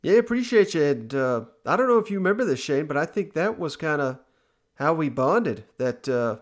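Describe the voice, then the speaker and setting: A man hosts a casual podcast in a laid-back way. His voice sits on the high side for a man. He talks easily, thanking listeners. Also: big pitch swings, normal speed. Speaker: podcast host.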